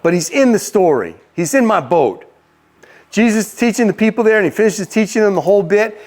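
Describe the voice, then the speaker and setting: A male preacher tells a story in a relaxed, chatty way and asks his listeners questions. His voice sits high for a man. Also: brisk. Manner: conversational, asks the audience questions. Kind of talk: storytelling sermon.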